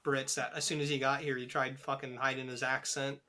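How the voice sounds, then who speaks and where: A man's voice: medium pitch, flat delivery, a little fast, pushed and bright. A young man co-hosting a podcast in casual chat, rambling and joking with heavy profanity. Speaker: podcast co-host.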